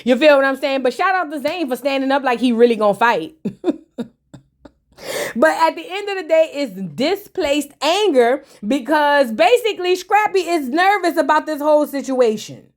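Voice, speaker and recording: A woman's voice: high voice, expressive, normal speed. A woman hosting a casual recap of a reality show, sassy and slangy, with chatty asides to her viewers.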